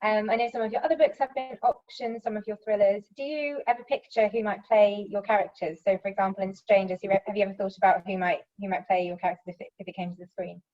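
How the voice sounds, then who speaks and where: Quick-talking woman interviewer on a dull, lo-fi video-call line; friendly, brisk questions. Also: mid-range voice, fairly even intonation. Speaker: editor and interviewer.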